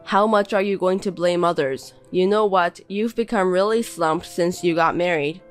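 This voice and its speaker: A woman's voice: lowish voice, normal speed, smooth, soft background music, natural voice. Woman voicing a scornful, bossy husband. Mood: contemptuous. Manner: belittling, bossy and contemptuous. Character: scornful insulting young husband. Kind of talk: reading a text-message story.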